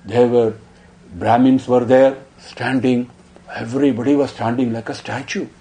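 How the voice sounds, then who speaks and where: A man telling a sacred story in a devotional discourse, emotive, dropping hushed then rising. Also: medium pitch, fairly even intonation, moderate pace. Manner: emotive, swinging between hushed and raised. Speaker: spiritual discourse speaker.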